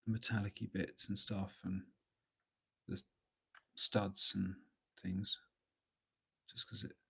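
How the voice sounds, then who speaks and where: Low husky man chatting while painting. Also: takes it slowly. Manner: relaxed, rambling, thinking aloud with many fillers. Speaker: miniature painting streamer. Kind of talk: casual live painting commentary. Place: at a hobby desk at home.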